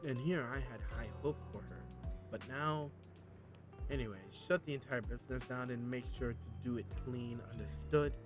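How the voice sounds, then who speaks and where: A man's voice: mid-range voice, fairly even intonation, moderate pace, over music, natural voice. A man reading as a cold, curt crime boss. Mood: cold commanding. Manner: curt, commanding, dismissive. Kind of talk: reading game dialogue aloud.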